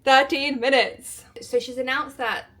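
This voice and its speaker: Excitable giggly woman vlogging. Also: high-pitched, a little slow. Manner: excitable, giggly, rambling with many "like"s. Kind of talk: casual vlog chat to camera. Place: indoors at home, getting ready. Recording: echoey room.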